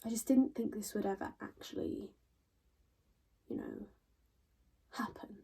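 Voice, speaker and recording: A sardonic young woman in her twenties delivers a stage monologue full of dry, crude asides. Her voice is dark and a little husky. She sounds a touch distant from the mic. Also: mid-range voice, unhurried, full character voice. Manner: wry, deadpan, crude asides. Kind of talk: theatrical monologue.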